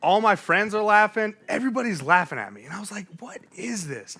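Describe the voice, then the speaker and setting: A young man delivers a sermon in a church, spinning a self-deprecating story and laughing along with it. His voice is bright and ringing, swinging widely in pitch as he builds each moment. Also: fast talker. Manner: animated storytelling, laughs at himself. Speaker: preacher.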